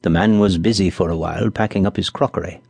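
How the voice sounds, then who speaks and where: Male audiobook narrator, measured storybook reading, deep voice, gravelly. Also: fairly even intonation, darkish tone, no echo.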